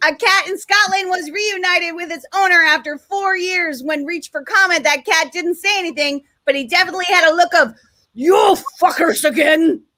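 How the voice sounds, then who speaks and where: A woman hosting an online comedy show, reading joke headlines in a brisk, joking way over a video call. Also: very high voice, pushed and bright. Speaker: host. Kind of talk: reading comic news headlines.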